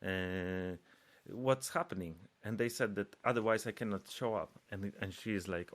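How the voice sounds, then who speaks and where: Low-voiced non-native English-speaking man. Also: measured pace. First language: not English. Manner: animated, acts out quoted dialogue in raised voices; searches for English words. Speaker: podcast co-host. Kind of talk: casual storytelling chat.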